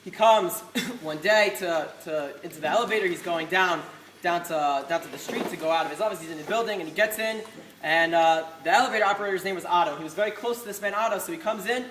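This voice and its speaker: Speaking quickly in a high, fairly bright voice, a young man delivers a heartfelt farewell at a study celebration. He's a yeshiva student telling a story with many restarts and Hebrew study terms, and the echoey hall carries faint noise.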